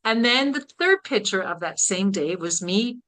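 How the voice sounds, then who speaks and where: Bright-voiced older woman telling her story. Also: medium pitch, moderate pace, a little hiss or hum, rough recording. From Canada. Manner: animated storytelling, acting out her own past thoughts. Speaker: guest. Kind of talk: personal story in a podcast chat.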